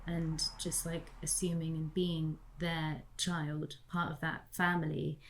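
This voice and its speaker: A woman's voice: sits low, little pitch movement, slow. A woman from the UK in a casual, reflective conversation, talking chattily and saying "like" often. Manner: chatty, heavy use of "like". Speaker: guest.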